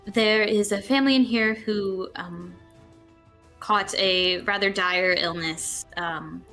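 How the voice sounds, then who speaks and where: A woman voicing a gentle, solemn male healer in a tabletop game, speaking in a soft, hesitant, measured way. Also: mid-range voice, soft background music. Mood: earnest.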